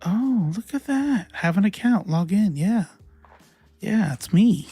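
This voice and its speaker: A man's voice: sits high, expressive, takes it slowly, warm tone, slightly rough, no echo, soft background music. A young adult man hosting a casual livestream, chatty and laughing as he fumbles with his stream settings and swears now and then. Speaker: livestream host.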